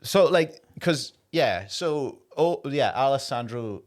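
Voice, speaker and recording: A man's voice: medium pitch, animated, slow. An Irish man co-hosting a podcast, chatting casually, swearing freely and acting out what people say. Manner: sweary, acts out quoted people. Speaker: podcast co-host. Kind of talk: casual chat.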